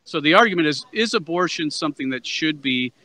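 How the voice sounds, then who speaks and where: A man's voice: on the high side, expressive, a little fast, pushed and bright, poor audio. A man interviewing passersby on a university plaza as a street activist, asking persistent, probing questions and stumbling over repeated words.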